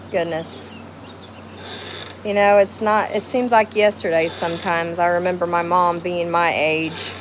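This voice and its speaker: A woman's voice: lowish voice, slight background noise, rough recording. A middle-aged woman with a Southern US accent, hosting a casual livestream chat outdoors at home, rambling and emotional as she greets viewers by name. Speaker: livestream host.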